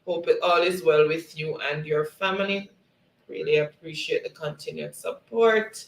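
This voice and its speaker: A man's voice: a little high, steady tone, moderate pace, creaky, echoey room, rough recording. Man reading live chat aloud. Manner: reads viewer comments aloud, friendly, laughs often. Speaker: livestream host. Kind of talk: casual livestream chat.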